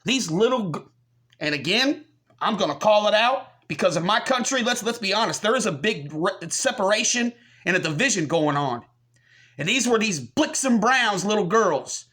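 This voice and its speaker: A man's voice: high-pitched, expressive, normal speed, sharp tone. A man from the United States hosting his own channel, giving combative commentary full of profanity and scorn. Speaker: channel host. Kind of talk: ranting commentary.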